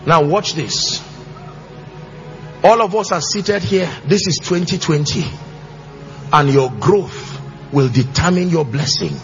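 A pastor preaching to his church, emphatic and sing-song, with shouted bursts and call-and-response questions. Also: fairly high pitch, slow pace, long pauses. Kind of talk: sermon. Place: church auditorium with congregation. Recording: slightly muffled church recording, faint music.

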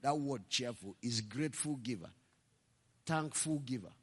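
A male pastor preaching a sermon, telling stories and building to impassioned shouts. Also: medium pitch, expressive, moderate pace, husky, big-room sound.

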